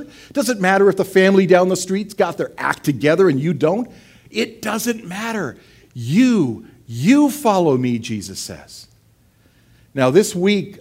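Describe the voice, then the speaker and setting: Male pastor, lively sermon voice, talks to the congregation like friends, a bit high pitched. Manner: animated, conversational preaching, acts out quotes.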